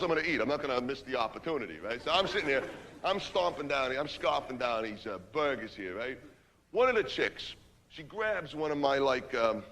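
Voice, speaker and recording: A brash, streetwise young guy in a comic stage monologue, rambling in rough slang and tagging every line with a quick "right?". His voice sits a bit high for a man, with a faint hum of room ambience behind it. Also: fairly bright tone, big-room sound.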